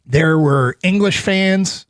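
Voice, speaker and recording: A man's voice: high voice, slow, no echo. A man hosting a sports talk radio show, chatting enthusiastically in a studio. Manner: enthusiastic, animated. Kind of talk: casual sports radio chat.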